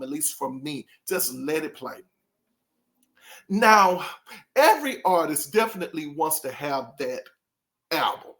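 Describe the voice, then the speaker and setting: A host giving casual, animated opinions in a vlog, rambling with many fillers and a lilt. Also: mid-range voice. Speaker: music commentary host.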